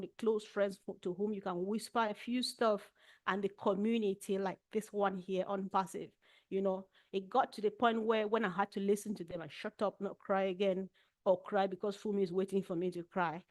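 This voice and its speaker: A woman's voice: fairly high pitch, no echo. A woman speaking as a panel guest, giving a candid, reflective personal testimony with frequent restarts.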